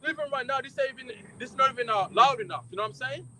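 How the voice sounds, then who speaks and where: A man with a strikingly high voice preaching in a fiery, confrontational way. He talks loudly and with heavy emphasis, swears freely and mocks anyone who objects. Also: racing, slight background noise, poor audio. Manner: loud, profane, emphatic, mocking critics. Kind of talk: fiery street-style preaching.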